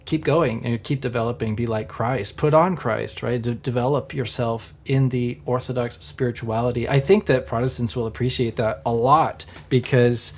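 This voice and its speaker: A man's voice: mid-range voice, fairly even intonation, moderate pace, gravelly, few pauses. An Orthodox Christian man on a livestream panel, speaking earnestly and encouragingly, with lots of fillers. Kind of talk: casual livestream discussion.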